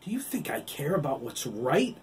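A man's voice: fairly high pitch, very animated, normal speed, slight background noise, pitched above the performer's own voice. A man doing a furious, despairing cyborg. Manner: shouting in rage and despair. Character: anguished cyborg young man, bitter, self-loathing.

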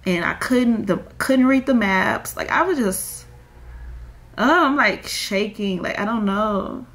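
A woman's voice: medium pitch, takes it slowly, a bit bright. A young woman, crying and rambling in a confessional vlog with many fillers. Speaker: vlogger.

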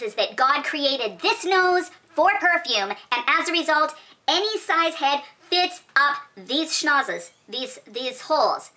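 A woman's voice: sits high, pushed and bright, voice pushed up, full character voice. A woman voicing a gushing, over-the-top female perfume reviewer, dramatic and rambling with restarts. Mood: defiant.

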